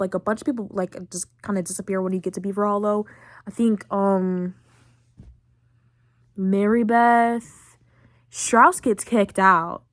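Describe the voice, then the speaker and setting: A woman's voice: medium pitch, no room sound. Chatty teen girl, dry close sound. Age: late teens. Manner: chatty, filler-heavy, excitable. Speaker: podcast host. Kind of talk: casual chat recapping a video game.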